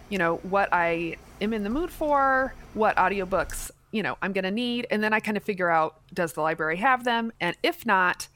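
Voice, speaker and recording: A woman's voice: mid-range voice, a bit bright, a little hiss or hum. A woman co-hosting a podcast in casual chat, enthusiastic and talkative. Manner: enthusiastic, chatty. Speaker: podcast co-host.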